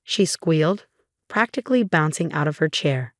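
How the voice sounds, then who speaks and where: A young adult woman narrating a scripted first-person story in an even, conversational way. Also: low-pitched, normal speed, no room sound, clean studio sound.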